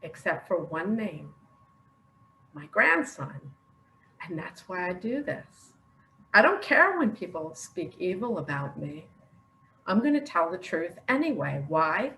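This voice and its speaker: A woman's voice: lowish voice, sing-song, slow, pauses often, pushed and bright, a little hiss or hum. An older woman speaking earnestly and emotionally in a personal video monologue, laughing often. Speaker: online religious speaker. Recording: echoey room.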